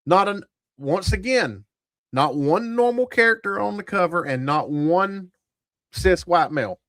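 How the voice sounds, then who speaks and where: A man's voice: high-pitched, lively intonation, unhurried, a bit bright, dry recording, clean studio sound. A man hosting a tabletop gaming channel, giving blunt, profane, rambling commentary to a live chat. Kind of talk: casual livestream commentary.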